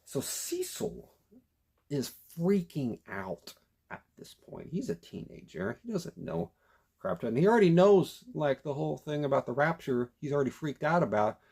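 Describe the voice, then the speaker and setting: Male reviewer, casual and emphatic, husky voice, very lively intonation. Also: on the high side, moderate pace. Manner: animated, emphatic, frequent restarts. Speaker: documentary reviewer. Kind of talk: casual commentary retelling a story.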